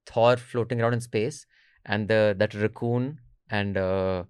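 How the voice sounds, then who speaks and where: A man's voice: on the low side, steady tone, unhurried, a little mellow, clean tone, no echo. A man hosting a casual panel podcast, teasing his co-hosts and rambling with fillers. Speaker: podcast host.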